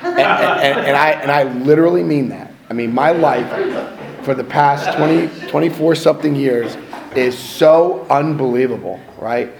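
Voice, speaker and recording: A man's voice: a little high, normal speed, gravelly, crowd noise. Man telling his recovery story. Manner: storytelling, swings between hushed and loud, laughs at himself. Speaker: recovery speaker. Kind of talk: personal testimony talk to a meeting.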